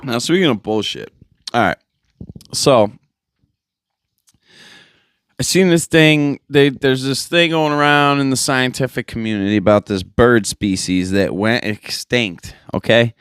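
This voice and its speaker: A man's voice: mid-range voice, measured pace, long pauses, fairly bright tone, clear, resonant tone, dry recording, clean studio sound. A young man hosting a podcast, ranting casually with lots of swearing and exasperation. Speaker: podcast host. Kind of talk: profane casual rant.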